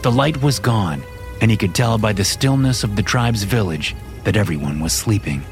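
A low-voiced man narrating a scripted horror story at a steady, measured pace. His delivery is even and controlled, and background music plays under the narration throughout. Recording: music playing behind.

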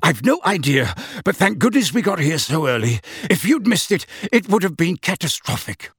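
A man doing a hurried, anxious wizard dad. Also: a little high, sing-song, a bit bright, slightly rough, no room sound, clean studio sound, pitched above the performer's own voice, heavily acted. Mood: urgent. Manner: urgent, breathless hurry. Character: anxious, hurried middle-aged male wizard official.

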